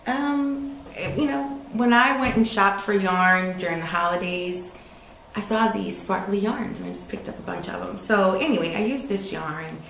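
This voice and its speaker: A woman's voice: medium pitch, moderate pace, creaky, a bit bright, echoey room, a little hiss or hum, rough recording. A woman co-hosting a podcast, chatting with enthusiasm about her knitting and often trailing off. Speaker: podcast co-host. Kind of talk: casual chat about knitting.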